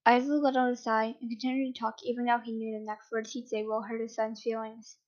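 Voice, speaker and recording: A woman reading a story aloud at a steady pace, sometimes correcting herself. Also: on the high side, fast talker, few pauses, lo-fi sound. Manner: steady with occasional self-corrections. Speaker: reader. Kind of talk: reading fan fiction aloud.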